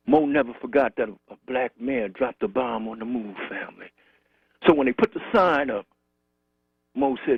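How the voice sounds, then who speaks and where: A man's voice: mid-range voice, moderate pace, gravelly, slightly rough, no echo. A man calling in to a talk show, remembering a friend in rhythmic, repetitive storytelling. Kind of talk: call-in tribute remembrance. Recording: tinny phone line.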